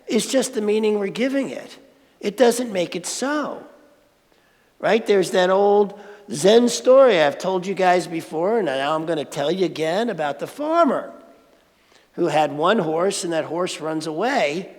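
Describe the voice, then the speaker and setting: A man's voice: sits high, animated, unhurried. A man giving a conversational sermon at a spiritual centre, playful and asking the audience questions. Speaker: spiritual speaker. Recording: reverberant hall.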